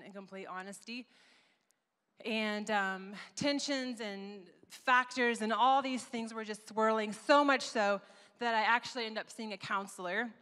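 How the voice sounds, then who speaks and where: A woman giving a sermon at a conference, telling a story with lively, acted-out asides. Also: medium pitch, clear, resonant tone. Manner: animated storytelling, acts out her own past voice. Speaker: conference speaker. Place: church auditorium. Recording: long reverb of a large hall.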